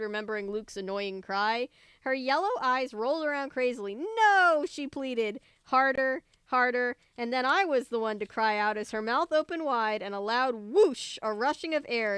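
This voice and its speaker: A young woman reading a story aloud, giving the dialogue lively voices and breaking off for chatty, joking asides. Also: a little high, moderate pace, clear, resonant tone, dry recording. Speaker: reader of a book aloud.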